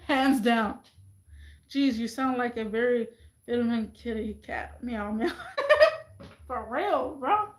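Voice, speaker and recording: A woman vlogging in a casual, rambling monologue, chatty and animated, often mimicking other people's voices. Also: on the high side, slow, long pauses, echoey room, poor audio.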